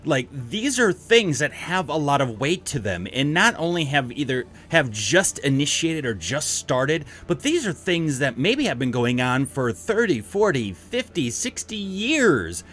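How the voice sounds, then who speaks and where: A man's voice: on the high side, very animated, unhurried, few pauses, a bit bright. A young man co-hosting a podcast in casual chat, joking and teasing, slipping into funny voices to mimic people. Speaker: podcast co-host.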